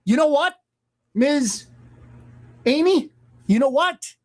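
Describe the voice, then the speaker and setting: A host rants through a commentary monologue, heavy on sarcasm and mockery. The pitch swings widely from line to line, and the delivery stays emphatic throughout. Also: lively intonation, takes it slowly, darkish tone.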